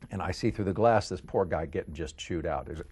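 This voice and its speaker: A middle-aged voice-over actor from the Kansas City area with a deep voice, telling stories in a casual interview and jumping into quoted voices. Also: male voice, quick pace, breathy edge. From Kansas City area, United States. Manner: animated, jumps into quoted voices.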